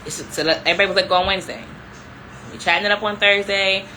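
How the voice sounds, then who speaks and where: A young adult woman telling a story to her viewers in a casual, animated way, filling her talk with "like" and calling them y'all. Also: medium pitch, rapid-fire, slight background noise, rough recording. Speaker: vlogger.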